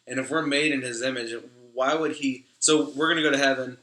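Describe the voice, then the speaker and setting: A man's voice: mid-range voice, steady tone, brisk, bright, forceful tone, reverberant. A man co-hosting a casual discussion, often saying "like" and "you know what I mean". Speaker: podcast co-host.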